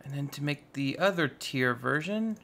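A young man giving casual, goofy let's-play commentary, chatting excitedly with his viewers. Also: on the high side, normal speed, vocal fry. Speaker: gaming YouTuber.

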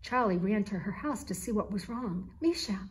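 A woman author reading her children's picture book aloud, in a slow, clear storytelling manner. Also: medium pitch.

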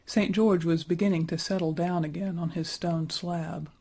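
A man reading a fantasy storybook aloud in a steady, even storytelling manner. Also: a little high, a little slow, gravelly, hardly any pauses, husky. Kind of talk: storybook narration.

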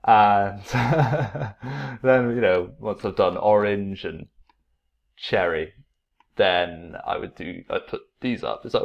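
Slow, relaxed man teaching online. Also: on the low side, gravelly, lo-fi sound. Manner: relaxed, repeats himself, acts out playful classroom exclamations. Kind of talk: casual teaching tutorial.

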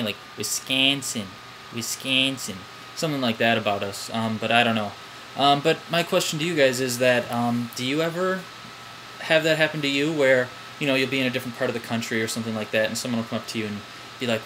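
A man's voice: medium pitch, moderate pace, a bit bright. Young man, Midwestern American accent, hesitant, um-filled casual vlog chat, air conditioner hum behind. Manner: hesitant, lots of ums and "I don't know". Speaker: vlogger. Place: at home, in pajamas.

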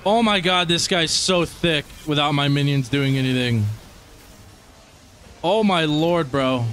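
A young man giving casual gameplay commentary as he plays, excitable, swearing often and talking to his viewers. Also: fairly high pitch, unhurried, slight background noise. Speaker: gaming streamer.

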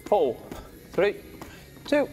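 A man leads a cardiac rehab exercise circuit, giving short counted cues while a bit out of breath. He speaks extremely slowly in a darkish tone, with faint music in the background.

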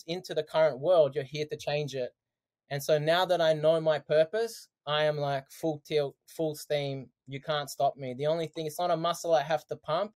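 A man, a podcast guest telling his story in casual, animated chat, laughing often. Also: fairly high pitch. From Australia.

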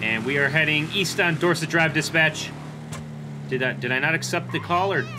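A man's voice: a little high, moderate pace. A young man giving casual gameplay commentary, narrating his moves and talking to dispatch in police lingo. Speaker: gaming YouTuber playing a police officer. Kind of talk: casual gameplay commentary with in-character radio talk. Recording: clear game noise behind the voice.

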